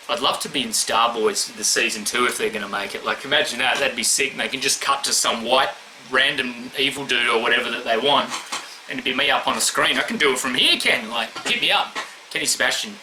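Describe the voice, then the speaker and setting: A man's voice: mid-range voice, brisk, background noise. A man rambling bluntly in a casual vlog, swearing constantly as he answers questions. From Australia. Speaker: YouTuber answering award questions.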